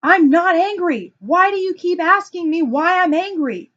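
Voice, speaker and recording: A woman's voice: on the high side, animated, moderate pace, a bit bright, muffled recording. A woman putting on her husband's voice, a defensive adult man who dismisses being upset. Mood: indignant shouting. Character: exasperated adult husband in denial.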